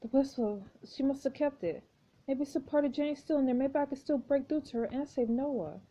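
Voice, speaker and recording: A woman reading a story game aloud with expressive commentary, exclaiming at each turn. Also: high-pitched, a little fast. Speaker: gameplay narrator. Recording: dull lo-fi recording.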